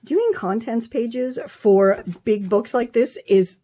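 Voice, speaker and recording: A woman's voice: fairly high pitch, slow pace, mellow. A woman vlogger and craft author showing her work in a casual show-and-tell, effusive and openly proud.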